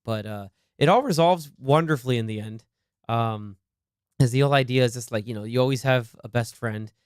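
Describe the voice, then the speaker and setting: A man co-hosting a casual movie podcast, excitable, laughing often and acting out lines from the film. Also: mid-range voice, fairly quick, clean tone, no room sound, clean studio sound. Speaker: podcast co-host. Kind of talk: casual movie discussion chat.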